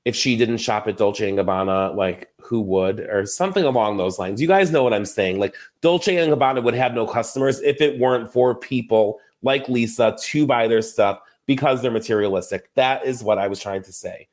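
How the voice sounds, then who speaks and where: A man's voice: mid-range voice, normal speed, hardly any pauses, darkish tone. A young adult man hosting a casual recap podcast, gossipy and chatty, often laughing and acting out quotes. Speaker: podcast host.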